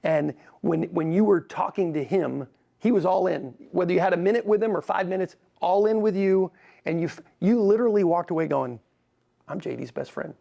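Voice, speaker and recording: A man being interviewed as a racing team's president, telling animated stories with many quick restarts. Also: high voice, creaky, highs cut off. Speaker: racing team president, podcast guest. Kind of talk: conversational interview.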